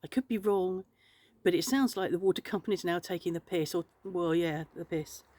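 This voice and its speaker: A woman's voice: lowish voice, normal speed, mellow, slight background noise. A woman vlogging from home, rambling and outspoken, swearing freely. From England. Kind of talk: casual chat to camera. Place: home in France.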